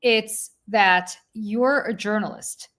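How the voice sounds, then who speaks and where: A woman's voice: mid-range voice, takes it slowly, fairly bright tone. A woman co-hosting a live political talk show, making pointed arguments.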